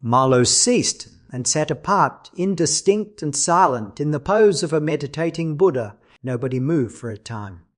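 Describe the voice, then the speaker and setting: A man reading a classic novel as an audiobook narrator in a measured, dramatic way. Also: a little high, lively intonation.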